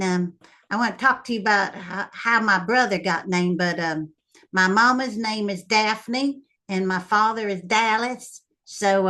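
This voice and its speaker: A woman's voice: mid-range voice, pushed and bright. Rambling woman telling a story. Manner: rambling, chatty, full of ums and small laughs. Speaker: vlogger. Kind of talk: casual storytelling.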